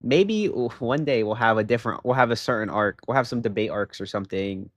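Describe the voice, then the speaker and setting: A young man chatting casually on a livestream, telling a story in an animated way and rising into loud exasperation. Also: medium pitch, brisk, no room sound. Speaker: live streamer.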